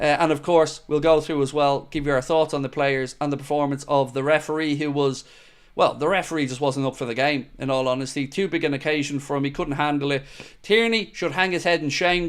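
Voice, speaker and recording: A young man hosts a live football reaction stream, reading viewers' comments aloud and answering them in easy, matey banter. His voice sits a little high and comes through smooth and clear. He turns blunt and fired up when talking about the match. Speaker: host of a football fan show.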